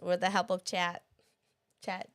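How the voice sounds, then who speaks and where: A woman's voice: fairly low pitch, monotone, measured pace, smooth. A woman co-hosting a podcast in casual chat, teasing her partner and laughing often. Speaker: podcast co-host.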